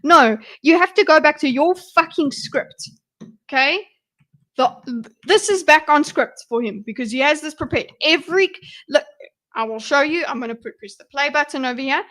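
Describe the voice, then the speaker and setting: A woman's voice: sits high, moderate pace, a bit bright. A woman hosting a livestream, reacting to a debate in blunt, exasperated commentary full of swearing. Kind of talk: casual commentary.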